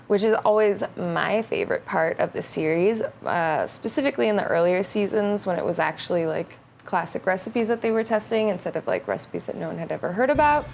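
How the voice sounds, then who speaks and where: A woman's voice: fairly low pitch, very animated, brisk, creaky, hardly any pauses, darkish tone, slight background noise. A woman in her twenties chatting casually to camera as a vlogger, rambling and poking fun at herself. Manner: rambling, self-mocking. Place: home bakery tent.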